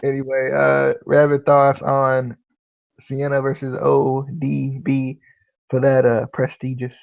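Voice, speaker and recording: A man's voice: mid-range voice, monotone, slow pace, creaky, no room sound. A man hosting a podcast, chatting casually in a rambling, filler-heavy way and laughing easily. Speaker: podcast host. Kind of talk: casual wrestling review chat. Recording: dull, lo-fi podcast recording.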